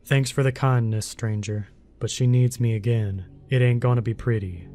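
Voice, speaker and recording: A man voicing a huge, rough male mountain guardian with a deep rumbling voice, a thick rural accent and a blunt, serious, folksy way of talking. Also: fairly even intonation, normal speed, dark tone, faint music behind, natural voice. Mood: solemn.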